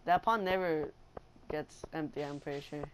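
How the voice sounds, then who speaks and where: Excitable young man playing a game. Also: a little high, moderate pace, crowd noise. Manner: excitable, narrates his own moves. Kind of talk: casual gameplay chat. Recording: noisy home recording.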